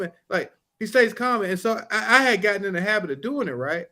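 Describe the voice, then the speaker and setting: A man who works as a trial lawyer, co-hosting a podcast and telling courtroom stories in a casual, animated way, acting out the exchanges. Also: high voice, brisk, few pauses. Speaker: podcast co-host. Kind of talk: casual storytelling chat.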